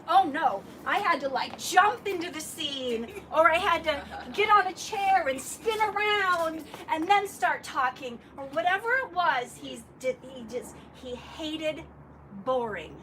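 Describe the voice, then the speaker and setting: A woman's voice: high voice, unhurried. Woman sharing funny stories at a memorial, laughs a lot, kinda far from the mic with noise behind. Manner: animated, laughing, acts out dialogue. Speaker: speaker at a memorial gathering. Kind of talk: storytelling tribute. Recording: distant mic with clear background noise.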